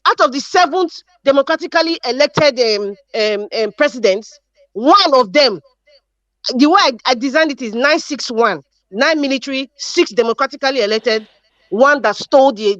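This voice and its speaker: A woman's voice: high voice, moderate pace, a bit bright, no echo, muffled recording. A Nigerian woman giving impassioned political commentary on a live stream, emphatic and repetitive, with many restarts and fillers. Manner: emphatic, repeats herself, frequent restarts and fillers. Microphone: video call.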